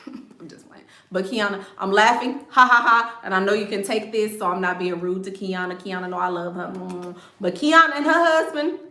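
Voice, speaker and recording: A woman's voice: on the high side, pushed and bright, reverberant. A woman hosting a casual livestream, giving blunt advice in a sassy, joking way and laughing often.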